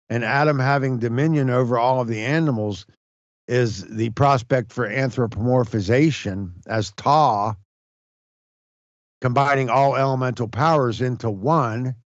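A man presenting in a measured, halting lecture style, with frequent fillers and restarts. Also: medium pitch, dry recording, dull audio. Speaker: presenter on esoteric history. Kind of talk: slow lecture-style discussion.

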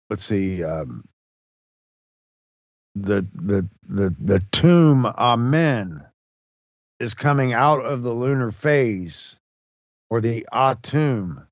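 A man speaks slowly and deliberately in a low voice, pausing on fillers as he lectures. The sound is dry and close, slightly dull and lo-fi. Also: dry recording. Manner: measured, halting, many fillers and restarts. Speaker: presenter on esoteric history. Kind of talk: slow lecture-style discussion.

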